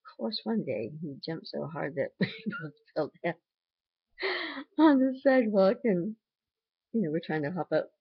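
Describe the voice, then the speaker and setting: A woman's voice: fairly low pitch, expressive, moderate pace, long pauses, husky, no echo, highs cut off. An older woman, a grandmother, talking in a casual vlog with an earnest, chatty manner. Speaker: vlogger and grandmother.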